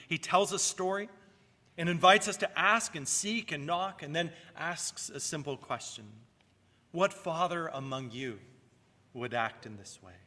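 A man's voice: a little high, pushed and bright, big-room sound. A male pastor preaching a sermon in an earnest way, rising and falling for emphasis and sometimes repeating a word.

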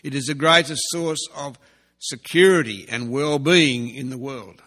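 A man preaching a sermon in an earnest way, slowly repeating key phrases for emphasis. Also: mid-range voice, fairly bright tone. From Australia. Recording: long hall reverb.

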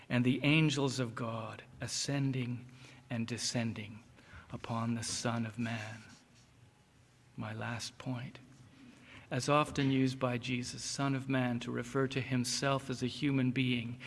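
A man preaching an expository sermon, reading scripture slowly and with deliberate emphasis. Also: medium pitch, gravelly. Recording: long reverb of a large hall.

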